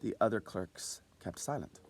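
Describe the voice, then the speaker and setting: Man reading a story aloud, lively. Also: on the low side, moderate pace, husky.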